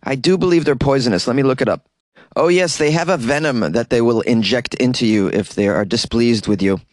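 A man hosting a comedic news show, reacting to stories with animated, sarcastic asides and bursts of laughter. His voice sits at a medium pitch and is recorded close up in a small closet, so it sounds dry with no room echo. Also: fairly quick. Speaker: podcast host, comedian. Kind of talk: casual comedic news commentary.

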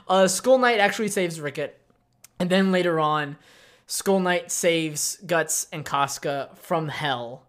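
A man's voice: fairly high pitch, slow, a bit bright. A man co-hosting a podcast, chatting casually about an anime with many fillers and restarts. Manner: rambling, frequent fillers and restarts. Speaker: podcast co-host.

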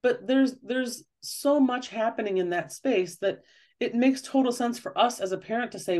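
A woman's voice: on the high side, moderate pace, darkish tone. A woman, a parenting author, talking earnestly in an interview and often acting out the questions she describes. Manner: earnest, explanatory, often acts out quoted questions. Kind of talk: conversational interview.

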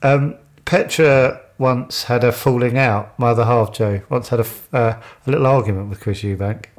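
A man's voice: medium pitch, fairly even intonation, moderate pace. Guy, easygoing podcast chat, keeps laughing thru his stories. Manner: laughs a lot while telling anecdotes.

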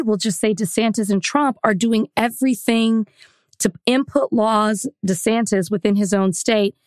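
A woman co-host argues her point in casual, opinionated bursts at a mid pitch. Her voice sounds close and dry, as if recorded at a studio mic. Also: no echo. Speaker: podcast co-host. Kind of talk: casual chat.

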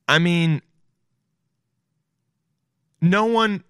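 A man's voice: high-pitched, drawn-out words, a bit bright, smooth, no room sound, studio quality. Rambling, joking male podcast host. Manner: rambling, swears, keeps saying "dude". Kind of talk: casual comedic commentary.

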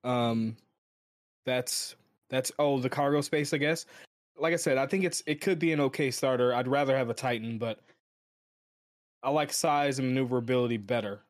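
A man's voice: mid-range voice, normal speed, pauses often, dry recording, clean studio sound. A man on a gaming podcast, giving blunt, opinionated takes in casual chat.

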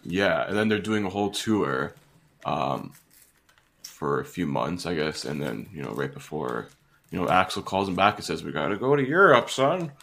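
A man's voice: a bass voice, lively intonation, moderate pace, vocal fry, fairly bright tone. A man co-hosting a podcast, chatting casually and swearing a lot, rambling with plenty of fillers. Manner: profane, rambling with many fillers. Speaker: podcast co-host. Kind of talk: casual chat.

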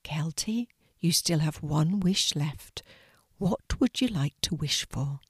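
A woman voicing a tiny, gentle fairy in a storybook, speaking in a soft, hushed, kindly way. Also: lowish voice, expressive, normal speed, no echo, studio quality.

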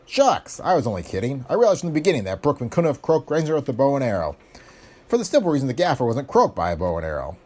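A man's voice: medium pitch, huge pitch swings, fast, darkish tone. Man voicing a cocky wisecracking private eye. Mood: sardonic.

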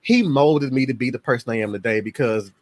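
A man's voice: medium pitch, a little fast, no room sound. A man in his forties, a podcast guest, telling stories in a casual chat and slipping into his family's voices. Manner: lively storyteller who acts out family members' voices.

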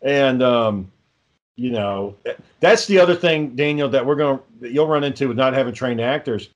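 A man's voice: medium pitch, moderate pace, lo-fi sound. A man who hosts the podcast and makes indie films, talking in a laid-back casual chat and swearing constantly. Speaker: podcast host and indie filmmaker.

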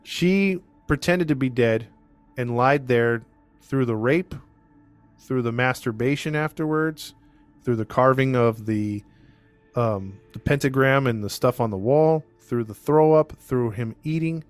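Male host, mid-pitched, loose conversational storyteller who rambles through a case. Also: a little slow, faint music behind. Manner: rambling, filler-heavy, restarts often. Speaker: podcast host telling a true-crime story. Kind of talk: casual storytelling to co-hosts.

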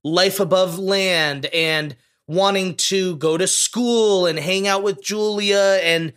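A man with a high, bright, sharp voice chats casually as a podcast co-host. He gushes and gets openly emotional, piling on feeling. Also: fairly even intonation, takes it slowly, smooth. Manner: effusive, emotional, gushing. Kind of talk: casual movie discussion.

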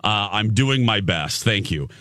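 Lively radio host man, low voice. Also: unhurried, dry recording, studio quality. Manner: animated storyteller who acts out quotes. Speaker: radio morning show host. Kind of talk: casual on-air storytelling.

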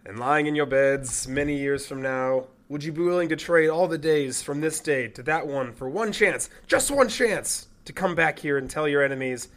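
A man voicing a rousing male warrior chief, booming and drawn out, his pitch leaping high. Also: moderate pace, hardly any pauses, a bit bright, natural voice.

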